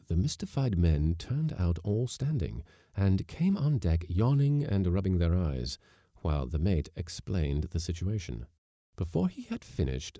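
A man narrating an audiobook story with measured, expressive delivery on a close mic. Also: on the low side, no room sound.

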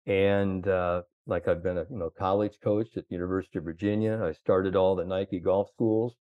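A middle-aged man spins long, rambling stories full of "you know" and acted-out quotes. His voice sits on the low side. The sound is dry and a little dull. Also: dry recording. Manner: rambling anecdotes with many fillers, quoting others. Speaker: guest, sports psychologist. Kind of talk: casual storytelling.

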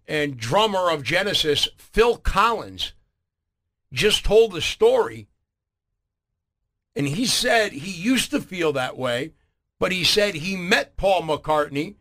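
A man hosting a morning radio show, telling a story in a relaxed way and often repeating words. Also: fairly high pitch. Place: radio studio. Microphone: studio microphone.

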